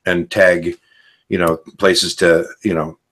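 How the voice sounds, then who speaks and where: Low-voiced male podcast host. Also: little pitch movement, takes it slowly, a bit bright. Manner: chatty, explains game rules at length. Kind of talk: casual rambling chat.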